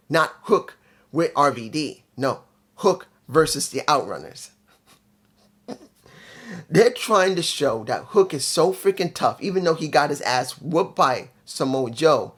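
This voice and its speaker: A man's voice: a little high, a bit bright. Blunt, sarcastic man reviewing. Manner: emphatic and blunt, repeats points, dry sarcasm. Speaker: show reviewer, channel host. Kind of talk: casual spoken review.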